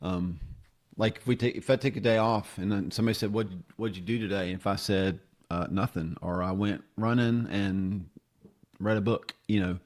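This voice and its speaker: Low-voiced pastor hosting a podcast. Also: male voice, fairly even intonation, normal speed, darkish tone. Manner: chatty, self-deprecating storyteller. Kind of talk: casual interview chat.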